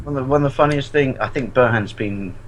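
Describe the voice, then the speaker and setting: A man co-hosting a casual online chat, cracking quick teasing jokes at the others. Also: mid-range voice, poor audio. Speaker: podcast co-host. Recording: clear background noise.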